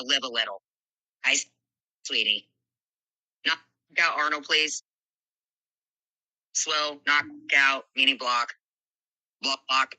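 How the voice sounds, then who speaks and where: Woman, live stream host, brash, profane, scolding, very bright forceful voice. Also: very deep voice, no echo, rough recording. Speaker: livestream host. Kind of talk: live stream chat moderating callers.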